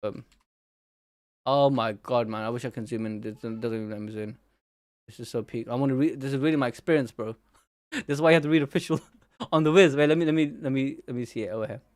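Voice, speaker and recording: A young man hosting an anime channel, reacting live to a manga chapter in an excitable, slangy, exclamatory way. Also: medium pitch, fast talker, no echo, studio quality.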